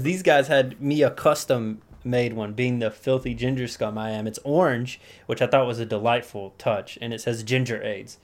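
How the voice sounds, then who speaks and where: A man of middle pitch chatting as a podcast co-host. He sounds laid-back and crude, and he pokes fun at himself. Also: fairly even intonation, normal speed, few pauses. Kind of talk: casual chat.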